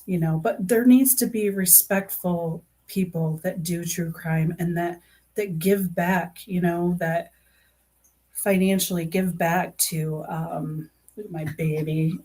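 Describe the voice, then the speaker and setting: A woman streaming live, talking in a loose, rambling way packed with "um" and "you know". Her voice sits a little low for a woman. She sounds earnest and emotionally invested as she chats. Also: steady tone, takes it slowly, dark tone. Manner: rambling, heavy fillers and restarts. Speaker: YouTube true crime streamer. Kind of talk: casual live-stream chat.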